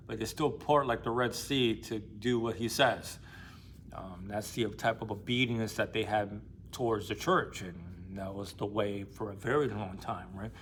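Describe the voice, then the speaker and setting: A man's voice: medium pitch, a bit bright, a little hiss or hum. Casual, rambling man retelling a novel. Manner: loose, rambling talk full of fillers and slang. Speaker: book discussion host.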